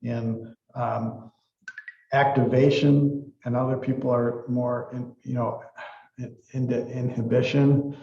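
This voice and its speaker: A man's voice: mid-range voice, flat delivery, slow, warm tone, reverberant, highs cut off. A man giving a university psychology lecture in a casual, rambling way, full of fillers and restarts. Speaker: psychology professor.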